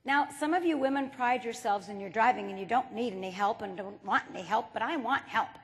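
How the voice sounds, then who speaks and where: A woman's voice: on the high side, fairly quick. A woman giving a humorous keynote talk, telling stories playfully and acting out the quotes. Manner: playful storytelling, acts out quotes. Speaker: motivational speaker. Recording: reverberant hall.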